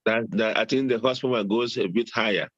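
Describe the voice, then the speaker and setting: A man's voice: lowish voice, a little fast, fairly bright tone, no echo, dull audio. An older man chatting as a guest, repeating words often and chuckling jovially about supplements. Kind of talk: casual interview talk.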